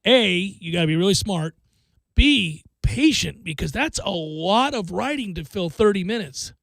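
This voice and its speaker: A man hosting a sports radio show, chatting casually and telling stories with animated energy and frequent laughter. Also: high-pitched, moderate pace, vocal fry, no room sound. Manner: animated storytelling, laughs often.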